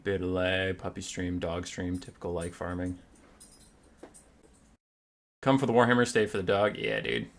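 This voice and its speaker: A man's voice: sits low, lively intonation, normal speed, gravelly, long pauses. A man streaming a strategy game live, chatting casually and playfully and slipping into baby talk with his pets.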